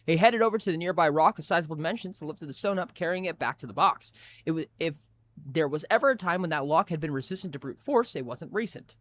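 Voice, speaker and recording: A male streamer reading a story aloud on a live stream, his voice sitting a little higher than most men's. He reads expressively, stumbling and restarting words as he goes. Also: lively intonation, fast talker, a bit bright.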